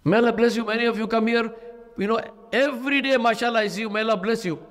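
High-voiced man preaching in a reverberant hall. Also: fast talker. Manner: storytelling with lively shifts in pitch, repeating phrases. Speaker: imam. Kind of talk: sermon. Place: mosque.

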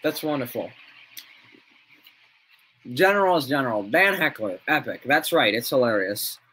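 A man's voice: mid-range voice, animated, normal speed, bright, forceful tone, a little hiss or hum. A young man chatting casually on a livestream, rambling, laughing often and reacting to chat.

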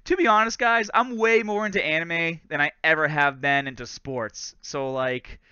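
A man's voice: fairly high pitch, normal speed, pushed and bright, smooth, no echo, highs cut off. A man in his thirties from Massachusetts with a light Boston accent, hosting a casual live fitness Q&A, chatty and laughing often. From Lawrence, Massachusetts. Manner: chatty, laughs often, says "bro" and "guys". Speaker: fitness host. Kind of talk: live stream Q&A, casual chat.

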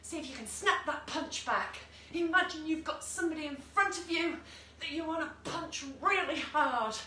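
Bright, high-voiced woman fitness instructor. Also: expressive, normal speed. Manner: encouraging cues and countdowns with asides. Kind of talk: online exercise class instruction. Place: room at home, with a dog nearby. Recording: echoey room, voice from a distance, faint noise.

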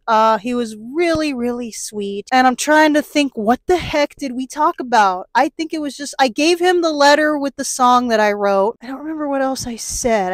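A young woman chatting in a rambling way to her phone camera in a convention hall, with restarts and small laughs. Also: fairly high pitch. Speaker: vlogger. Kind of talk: casual convention vlog. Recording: music playing behind the voice.

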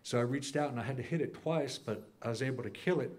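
Man telling his dream to the class, average pitch, acts out the other people's lines, keeps clearing his throat. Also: fast talker, a little mellow. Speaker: class member sharing a dream. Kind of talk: recounting a dream.

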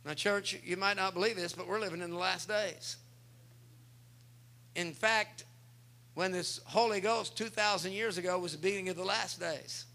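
A man's voice: sits high, moderate pace, gravelly, sharp tone. A male pastor preaching a sermon, speaking with emphasis and turning often to address the congregation.

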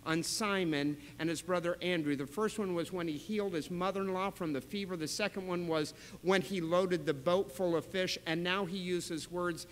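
A male pastor preaching a sermon in a church, telling stories in an animated way with sudden loud bursts. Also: sits high, moderate pace, hardly any pauses, long reverb tail, slight background noise, rough recording. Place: church sanctuary.

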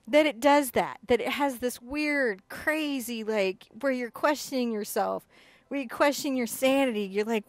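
A woman teaching an acrylic painting lesson, chatty and excitable, often bursting into giggly enthusiasm. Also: a little high, normal speed, dry recording. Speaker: art instructor.

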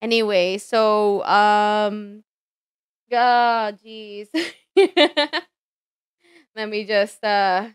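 A woman's voice: mid-range voice, very slow, long pauses, smooth, dry recording, clean studio sound. A young woman streaming as a virtual avatar, chatting casually with viewers in a giggly, teasing and playfully indignant way. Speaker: VTuber streamer. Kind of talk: casual live-stream chat.

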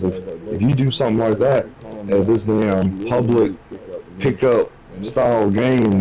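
Young guy streaming, kinda low voice, crowd chatter behind him, swears a lot, acts out every line people said. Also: poor audio. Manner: profane, animated retelling with quoted dialogue. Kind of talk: casual storytelling chat.

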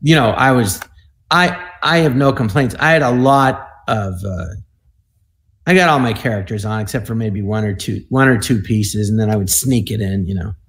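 A man in his sixties, a comedian and guest, telling stories in an animated way and acting out quoted voices over a video call. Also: lowish voice, moderate pace. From United States. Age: 60s. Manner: acts out quoted voices, with repeated "I go" and "he goes". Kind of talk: animated anecdotal storytelling.

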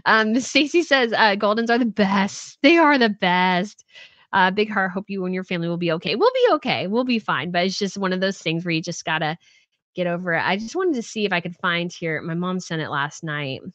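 A woman's voice: lowish voice, brisk, a bit bright, no echo. A woman in her thirties hosting a casual livestream, chatting in a rambling way and reading viewer comments aloud. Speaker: host reading live chat.

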